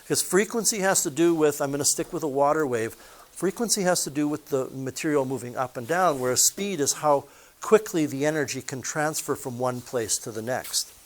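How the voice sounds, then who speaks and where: A man's voice: fairly high pitch, a little fast. A man teaching a physics lesson in a chatty way, putting questions to his listeners and adding personal stories. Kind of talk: recorded classroom lesson.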